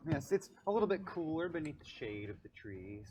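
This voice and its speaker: A woman's voice: low voice, very animated, fairly quick, mellow, a little hiss or hum. A woman narrating a tabletop role-playing game as game master, in a descriptive, matter-of-fact storytelling manner.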